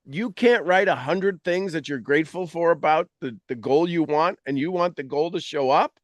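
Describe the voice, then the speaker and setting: A man talking as a mentor, coaching his audience in an animated, teasing way and acting out their complaints in quoted voices. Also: a little high, moderate pace, no room sound. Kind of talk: motivational coaching talk.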